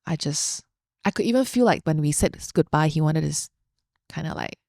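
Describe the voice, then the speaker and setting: A woman's voice: deep voice, lively intonation, a little fast, vocal fry, a little mellow, dry recording, clean studio sound. A young adult woman hosting a podcast, sharing a personal story in an open, heartfelt, chatty way with fillers. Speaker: podcast host.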